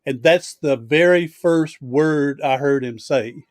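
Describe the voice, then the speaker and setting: A man's voice: fairly high pitch, slow, no room sound, studio quality. A man hosting a casual video chat, telling stories in a chatty, easygoing way. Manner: storytelling, chatty, laughs easily. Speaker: host.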